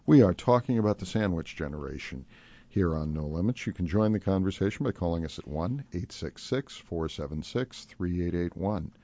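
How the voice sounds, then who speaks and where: Deep-voiced man hosting call-in radio. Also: lively intonation, normal speed, mellow. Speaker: radio show host. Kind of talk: call-in radio talk show. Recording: slightly dull radio broadcast sound.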